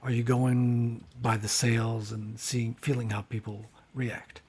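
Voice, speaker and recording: A man's voice: medium pitch, little pitch movement, unhurried, a little mellow, slightly rough. A Canadian man co-hosting a casual chat, asking questions and adding wry joking asides.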